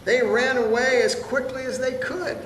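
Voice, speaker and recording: A man's voice: very high-pitched, fairly even intonation, normal speed, fairly bright tone. A man reading a picture book aloud to children in a playful way, pointing out the pictures. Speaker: storybook reader. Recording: distant, echoey hall with room noise.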